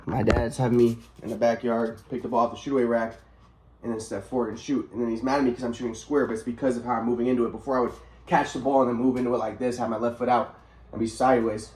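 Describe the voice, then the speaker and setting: A man's voice: medium pitch, little pitch movement, quick pace, a little mellow, breathy edge. A young adult man vlogging, telling a personal story in a rambling, aggrieved way with frequent restarts.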